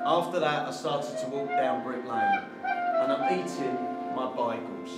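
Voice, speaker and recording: A man's voice: mid-range voice, measured pace. A man performing a theatrical storytelling monologue on stage, acting out dialogue and chanting refrains. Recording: roomy hall with live music.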